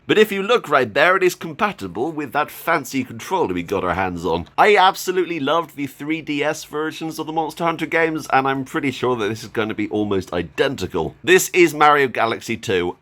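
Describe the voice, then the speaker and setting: A man chats through a game haul in a casual vlog. His voice is lively and swings widely in pitch, and he breaks into laughs often. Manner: chatty, enthusiastic, laughs often. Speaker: gaming YouTuber.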